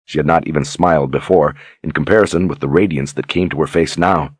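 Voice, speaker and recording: A man narrating a fantasy novel in a steady, measured storytelling manner with a husky voice. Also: a bass voice, no echo. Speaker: audiobook narrator.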